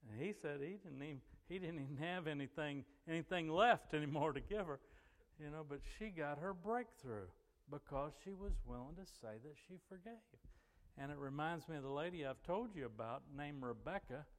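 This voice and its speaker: A man's voice: fairly high pitch, expressive, moderate pace, in a large hall. A male pastor preaching a sermon in a folksy, conversational way, telling stories to his congregation. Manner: folksy, conversational, frequent "you know". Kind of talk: sermon with storytelling. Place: church sanctuary.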